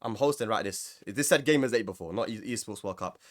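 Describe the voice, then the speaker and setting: A man's voice: fairly low pitch, a little fast. A man hosting a casual online podcast, teasing and laughing, often repeating his words. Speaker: podcast host.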